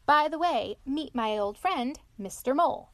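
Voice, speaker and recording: A sociable, excitable male water rat from a storybook, voiced by a woman reader. He sounds bright and eager, in a fairly high voice. The recording is dry and close. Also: unhurried, dry recording. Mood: cheery.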